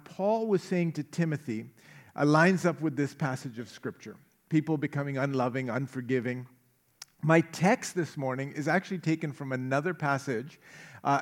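Joking conversational male pastor. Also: fairly high pitch. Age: middle-aged. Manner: conversational preaching with humor and asides. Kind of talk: sermon.

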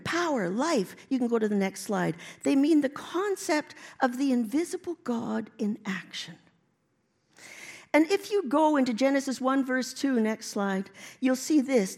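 A woman's voice: high-pitched, darkish tone. A woman preaching a sermon in a church, building to emphatic declarations. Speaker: guest preacher. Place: church sanctuary.

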